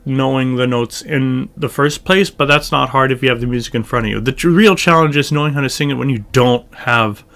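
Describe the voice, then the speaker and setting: A man's voice: mid-range voice, brisk, vocal fry, hardly any pauses, a bit bright. A man giving a casual chant lesson, explaining how the melody works, thinking aloud with fillers and now and then singing phrases of chant. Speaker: chant teacher.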